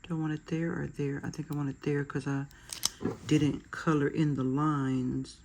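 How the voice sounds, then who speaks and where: A woman's voice: low voice, level tone, normal speed, noisy background. A woman chatting casually while decorating her planner, laughing at herself with self-deprecating humor. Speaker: planner vlogger.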